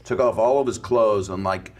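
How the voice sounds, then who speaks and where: A man's voice: fairly low pitch, moderate pace. A middle-aged man hosting a casual chat, telling stories and acting out the people he quotes. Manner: animated anecdote telling, acts out quoted voices.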